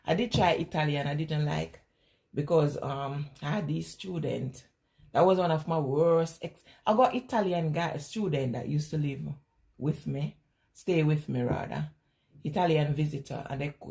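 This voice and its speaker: A woman's voice: sits low, gravelly, dark tone. A woman, chatting casually as a vlogger, telling rambling stories, laughing often and answering viewer questions. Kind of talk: casual chat.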